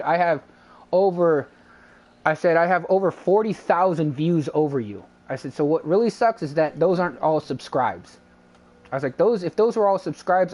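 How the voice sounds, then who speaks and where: A man's voice: a little high, a little mellow. A man streaming a game, chatting casually and rambling through a retold argument, quoting both sides and swearing freely. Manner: rambling, retells a dispute with lots of quoted back-and-forth. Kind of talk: casual live-stream chat.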